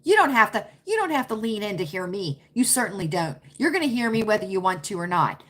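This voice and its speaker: A woman's voice: medium pitch, very animated, quick pace, fairly bright tone. A woman hosting a casual livestream, chatting and answering viewer comments in an emphatic, repetitive, opinionated way. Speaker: livestream host.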